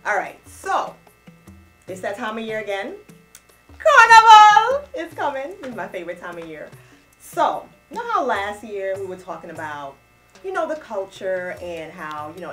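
A woman from Trinidad co-hosting a casual talk show, telling a story in a chatty, animated way. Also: medium pitch. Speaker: co-host. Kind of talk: casual chat.

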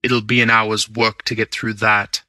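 A man voicing a cool, confident gentleman burglar who speaks low and measured, as in an audiobook. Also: level tone, dry recording. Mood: calm. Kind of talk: audiobook character reading.

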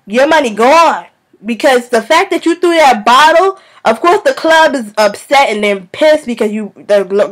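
Sassy high-voiced woman ranting. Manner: sassy, animated, scolding. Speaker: vlogger. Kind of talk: casual rant to camera.

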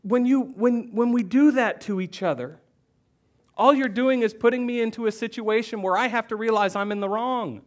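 A middle-aged pastor preaching in church, who speaks with feeling and moves between loud, stressed lines and hushed, almost whispered words. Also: male voice, very high voice, normal speed. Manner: emotional, swings from loud emphasis to hushed near-whispers. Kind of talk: sermon.

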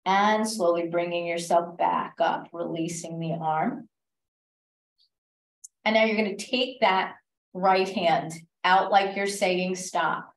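Soft-spoken woman leading a stretch class. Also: lowish voice, slow. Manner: calm, step-by-step cueing with gentle reminders. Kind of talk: guiding an exercise class. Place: library class room. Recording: echoey room, voice from a distance.

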